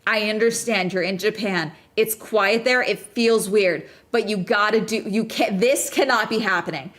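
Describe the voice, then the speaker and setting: A woman's voice: mid-range voice, moderate pace, a bit bright. A woman talks over a video she is watching, her voice sitting in an ordinary middle register. She is tense and swears freely, pleading with the screen in urgent bursts. It is loose, unscripted reaction chat.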